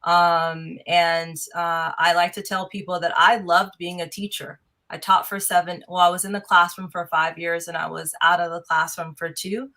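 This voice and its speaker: A woman's voice: lowish voice, level tone, normal speed, hardly any pauses, pushed and bright. A woman guest, a tech executive and investor, speaking in an articulate, upbeat way on a livestream. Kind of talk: casual interview talk.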